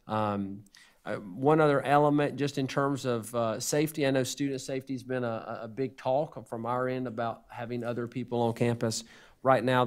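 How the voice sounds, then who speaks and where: A man giving an unscripted report to a school board, earnest and hesitant, often restarting his sentences. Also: medium pitch.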